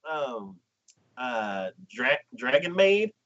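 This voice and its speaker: A man on a casual livestream, walking through a story with a lively, swooping voice that climbs high when he imitates characters. The sound is dull and lo-fi, like compressed stream audio. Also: extremely slow. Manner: animated plot retelling, acting out characters in quotes. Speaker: anime podcast host.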